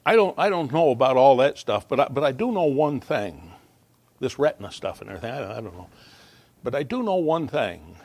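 A man's voice: fairly high pitch, no room sound. A man preaching a sermon as pastor, earnest and building to emphatic peaks, with small stumbling asides.

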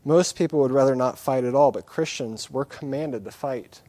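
A man's voice: medium pitch, normal speed, dark tone, dry recording. Earnest male preacher in a dry room. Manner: earnest and candid, with emphatic repetition; self-deprecating asides with light laughter. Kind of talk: sermon.

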